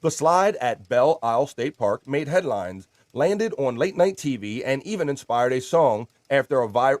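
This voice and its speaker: A chatty male host runs a casual livestream, reading viewer comments aloud and joking around. His voice sits at an ordinary middle pitch with a dry, close sound. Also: dry recording.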